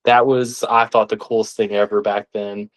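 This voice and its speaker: A man's voice: fairly low pitch, moderate pace. Young man telling hunting stories. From Arkansas, United States. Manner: animated, acts out quoted voices. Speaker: guest. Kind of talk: casual storytelling.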